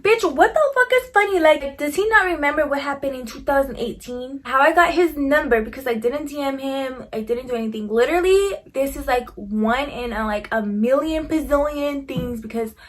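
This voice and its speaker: A young woman recounts a story in loose, chatty talk, leaning on "like" constantly and throwing in curses. Her voice sits a little high for a woman. She slips into quoting herself and others as she goes. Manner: chatty, heavy use of "like", swearing, quoting herself. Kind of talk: casual storytelling.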